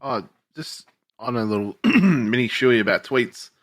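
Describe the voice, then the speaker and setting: A man chats casually on a podcast, laid-back and wry. His voice sits at an ordinary pitch. The recording is dry and close. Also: lively intonation, unhurried, fairly bright tone, dry recording. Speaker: podcast co-host. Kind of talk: casual chat.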